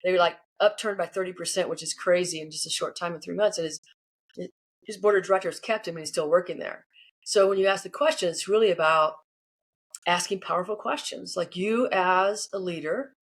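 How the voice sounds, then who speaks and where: A woman leadership coach answering interview questions, animated and acting out the people in her stories. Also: on the low side, fairly quick. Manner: animated, acts out quoted people. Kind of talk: casual interview answers, storytelling.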